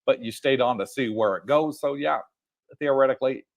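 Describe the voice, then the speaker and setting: A man's voice: medium pitch, a little fast, gravelly. An older man co-hosting a livestream, chatting casually with fillers and frequent laughs. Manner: laughs often, rambling with fillers. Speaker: livestream co-host. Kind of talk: casual chat. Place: home livestream.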